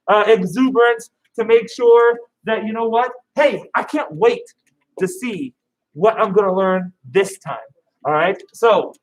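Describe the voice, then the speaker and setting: A karate instructor teaching an online kids' class, upbeat, calling out drill commands and counting down. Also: male voice, high-pitched, poor audio.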